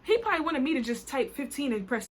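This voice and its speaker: A young woman with a Caribbean accent tells an indignant, animated story in a casual vlog. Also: high voice, fast talker. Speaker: vlogger. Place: New York.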